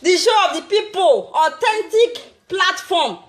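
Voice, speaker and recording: High-pitched mocking Nigerian woman. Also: animated, a little slow. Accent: Nigerian Pidgin. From Edo State, Nigeria. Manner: taunting, cackling laughter, sing-song jeers. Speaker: social media vlogger. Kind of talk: mocking rant to camera.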